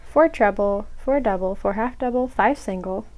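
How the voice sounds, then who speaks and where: A woman's voice: mid-range voice, moderate pace, a little mellow, rough recording. A young woman casually explaining a crochet pattern step by step, with chatty, self-mocking asides. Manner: chatty, self-mocking asides, drops to a whisper when muttering to herself. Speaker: crochet tutorial host.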